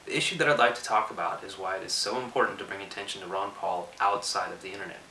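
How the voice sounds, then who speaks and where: A man in his twenties talks in a bright, forceful voice, measured and persuasive. He is set back from the mic in an echoey room. Faint hiss sits under him. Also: sits low, steady tone, far from the mic. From Austin, Texas. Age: 20s. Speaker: political commentator. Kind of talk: earnest scripted video address.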